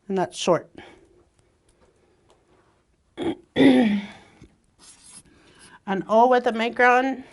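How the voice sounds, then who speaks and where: A woman leads a laid-back language lesson at a slow, patient pace. She laughs easily and stretches out each example word so learners can follow. Her pitch sits at an ordinary middle level. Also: expressive. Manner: unhurried, laughs often, drawn-out example words. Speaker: language teacher.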